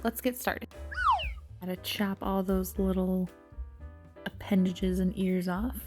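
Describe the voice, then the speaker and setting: A woman's voice: on the low side, a little mellow. A woman narrating her craft project in a casual voice-over, chatty and self-mocking, with little laughs. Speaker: craft vlogger.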